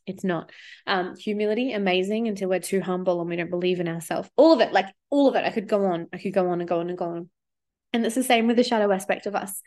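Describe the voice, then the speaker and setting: A woman talking casually in a studio as a spiritual podcast host, chatty and swearing freely as she acts out inner voices. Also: mid-range voice. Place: studio with windows.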